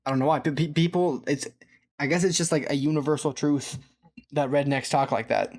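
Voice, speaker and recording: A man's voice: on the high side, fairly even intonation, a little fast, a little mellow. A young man, co-hosting a podcast and telling a rambling, laugh-filled story. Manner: rambling, laughing often, many restarts. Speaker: podcast co-host. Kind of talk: casual storytelling chat.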